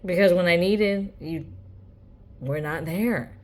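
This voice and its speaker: A woman's voice: fairly low pitch, slow pace, a little mellow. A woman ranting bluntly in a casual vlog monologue, swearing freely. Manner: blunt, profane rant with mocking quoted voices. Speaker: vlogger.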